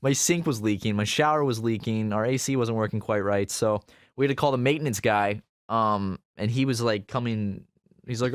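A young man co-hosting a casual podcast, telling a story with animated delivery and bursts of laughter. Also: on the low side, moderate pace, clear, resonant tone, no echo, studio quality. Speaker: podcast co-host.

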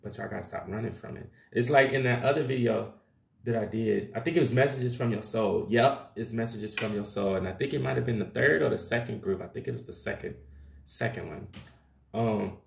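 This is a man with a fairly low, gravelly voice, giving a casual tarot reading to his viewers. He talks loosely and chattily, with a lot of slang and plenty of y'all. The sound is roomy, with a clear echo off the walls. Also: brisk. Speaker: tarot reader. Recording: echoey room.

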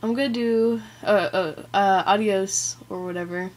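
A woman's voice: mid-range voice, fairly even intonation, a little slow, darkish tone. Giggly self-mocking woman. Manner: giggly, self-deprecating, filler-heavy. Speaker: vlogger. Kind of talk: casual accent challenge vlog.

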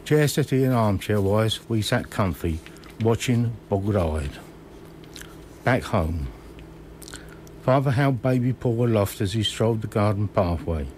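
A man in his sixties from Kent, reading his own memoir slowly and measuredly in a radio studio. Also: lowish voice, lively intonation, a little mellow, slight background noise.

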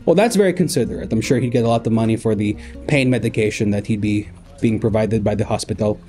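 A man's voice: fairly low pitch, quick pace, soft background music. A man hosting a comedy call-in show, improvising with callers in a playful, goofy way. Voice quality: playful, goofy, bursts into loud pleading. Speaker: call center host character.

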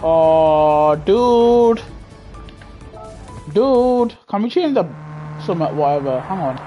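A man's voice: high-pitched, lively intonation, slow, dull audio, soft background music. Guy chatting while sim racing. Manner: chatty, reacts loudly to the race, jokes with viewers in slang. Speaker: live-streaming sim racing gamer. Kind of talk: casual live-stream chat while racing. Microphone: gaming headset.

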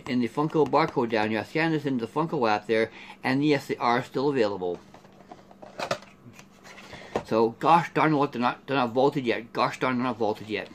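A man's voice: medium pitch, slight background noise. A middle-aged man from Canada doing a casual unboxing review of collectible figures. He rambles and keeps saying "there" and "here".

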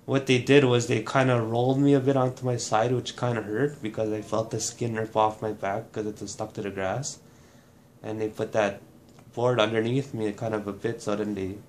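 Low-voiced man recounting, halting and blunt. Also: a little hiss or hum. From Manitoba, Canada. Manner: halting, restarting, blunt with swearing. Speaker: burn survivor telling his story. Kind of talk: personal testimony to camera.

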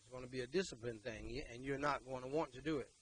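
A man, preaching a sermon and leading prayer, emphatic and repetitive, moving between loud exhortation and quiet talk. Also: medium pitch, fast talker, slightly rough, poor audio.

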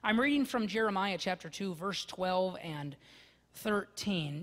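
High-voiced man preaching in an echoing church. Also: measured pace. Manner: expressive, swinging from loud emphasis to hushed asides. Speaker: pastor. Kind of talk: sermon. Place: church sanctuary. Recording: long church-hall reverb.

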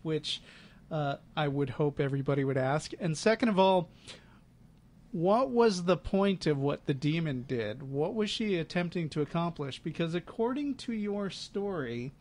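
A man with a fairly high-pitched voice co-hosts a podcast in easy, casual chat. He tells a story like a chatty storyteller and drops amused, sarcastic asides. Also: lively intonation, moderate pace, a little mellow. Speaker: podcast co-host.

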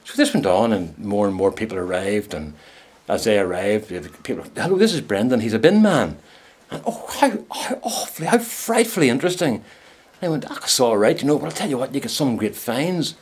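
A man's voice: fairly low pitch, lively intonation, a little fast, a little mellow, breathy edge. A man casually telling a funny personal anecdote, rambling along and chuckling at his own story.

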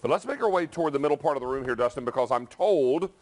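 A man's voice: mid-range voice, expressive, fast talker. Upbeat male shopping channel host. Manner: bright, salesy, upbeat. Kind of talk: home shopping presentation. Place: TV studio.

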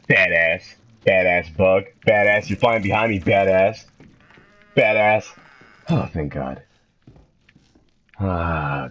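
Low gravelly man shrieking through a horror game. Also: fairly bright tone, slight background noise. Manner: jumpy, shrieks high when startled; profane, joking, self-mocking. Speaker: gaming channel host. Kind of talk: let's play commentary.

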